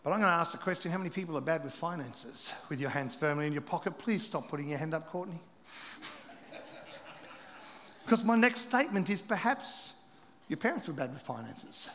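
A middle-aged man preaching a sermon as pastor, telling stories with animated delivery that swings between loud and hushed. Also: fairly high pitch, moderate pace, pauses often, a little hiss or hum. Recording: reverberant hall.

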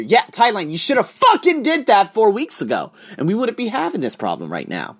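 A man ranting casually and profanely to his viewers, swinging between loud outbursts and hushed asides. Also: high voice, huge pitch swings, normal speed, few pauses. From United States. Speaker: vlogger and online teacher. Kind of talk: casual profane rant to camera.

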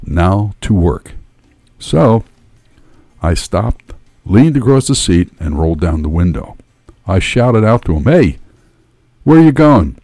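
A man's voice: sits low, expressive, takes it slowly, pauses often, a little mellow, dry recording, clean studio sound. A man narrating a first-person story in a dramatic, wry manner.

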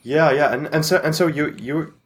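Stammering young-sounding podcast host. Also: male voice, on the high side, moderate pace. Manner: hesitant, stammering, repeats words. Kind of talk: casual interview chat.

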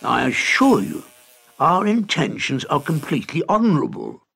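A man's voice: on the high side, huge pitch swings, moderate pace, vocal fry, fairly bright tone, breathy edge, voice pushed up, full character voice. A man voicing a polite, formal, flustered inventor shrunk to a tiny fly in a storybook reading. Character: tiny, polite, fussy male inventor, part-mayfly.

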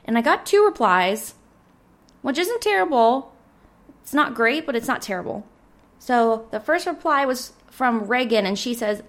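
A young woman in her twenties hosts a casual solo podcast, rambling cheerfully with plenty of filler words. Her voice sits a little high and sounds slightly hoarse, as if she is losing it. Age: 20s. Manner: rambling, chatty, full of "like" fillers. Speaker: podcast host.

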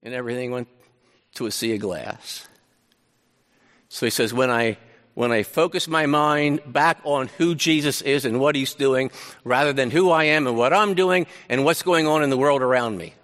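A man preaching a sermon, paraphrasing scripture in a conversational, animated way with frequent restarts. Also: mid-range voice, moderate pace, big-room sound. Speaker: pastor.

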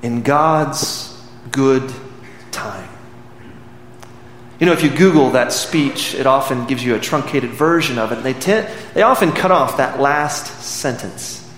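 A man's voice: medium pitch, lively intonation, moderate pace, a bit bright. A man preaching a sermon, earnestly retelling a film scene as a story. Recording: echoey hall with faint background noise.

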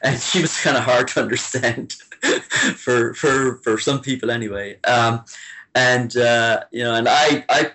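A man from Limerick with a softened Irish accent, chatting as an interview guest, hesitant with many restarts and fillers. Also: mid-range voice, unhurried. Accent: Irish, softened by years abroad. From Ireland, Limerick. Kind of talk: casual interview chat.

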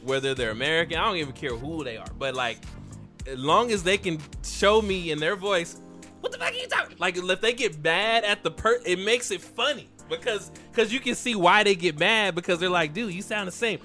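Young guy on a podcast, bright forceful voice, lively rambling, says bro a lot, faint music behind. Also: high-pitched, normal speed. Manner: animated, swears a lot, says "bro" often. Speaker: podcast co-host. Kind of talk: casual chat.

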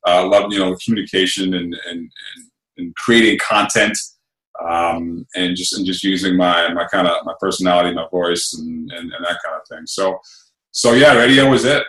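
Bright-voiced man in an echoey studio. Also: deep voice, normal speed. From England. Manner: relaxed, rambling with fillers and "right?". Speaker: radio host guest. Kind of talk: casual interview.

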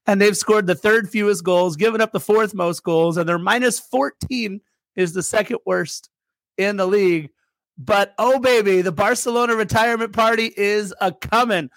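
A man's voice: sits high, moderate pace, fairly bright tone, no echo. A man co-hosting a casual soccer podcast, teasing his co-host and reading sponsor plugs. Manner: playful ribbing, reads sponsor plugs. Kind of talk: casual chat.

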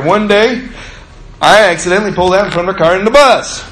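A man preaching a sermon as a folksy storyteller. He draws out his key words and drops his voice low for asides. His voice sits a little high, and the recording is roomy with faint ambient hum. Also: brisk, long pauses, fairly bright tone. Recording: echoey room with faint ambience.

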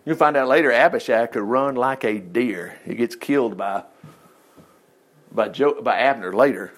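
A man preaching a folksy, animated sermon, reading scripture, acting out the quoted lines and laughing often. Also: medium pitch, normal speed.

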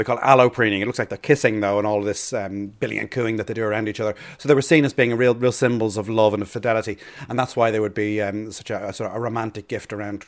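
Fast-talking Irish man explaining birds. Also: on the low side. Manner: fast, eager, with many restarts and repeated words. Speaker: bird expert guest. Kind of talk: casual radio chat.

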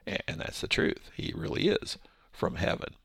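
A man's voice: normal speed, fairly bright tone, no room sound. A man giving a casual verse-by-verse Bible teaching, explaining with rhetorical questions and his own paraphrases.

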